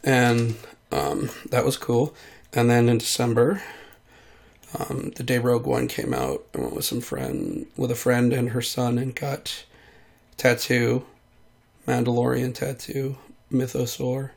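A man hosting his own podcast in a casual solo monologue, talking in a sick, hoarse voice into a studio mic, rambling and self-deprecating with awkward jokes. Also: mid-range voice, a little slow. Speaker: podcast host and voice artist. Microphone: studio mic at home.

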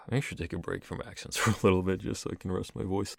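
A man with a deep, low voice, recorded dry with no room sound. He chats crudely and jokingly between poems. He often lets his voice sink to a near-murmur. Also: fairly even intonation, a little fast, creaky, long pauses, no echo. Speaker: poetry reader. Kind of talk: casual commentary between poem readings.

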